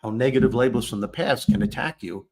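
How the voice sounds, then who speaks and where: A man tells a personal story in an easy, conversational way. He is animated and self-deprecating, and he acts out the lines he quotes. His voice sits at a middle pitch. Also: a little fast. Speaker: guest storyteller.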